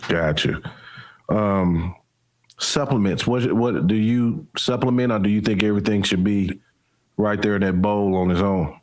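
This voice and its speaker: A man hosts a dog podcast and asks his guest casual questions. His voice sits on the low side, and he talks very slowly, often pausing on "um" and restarting his words. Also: a little mellow. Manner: hesitant, with frequent "um" and restarts. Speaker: podcast host.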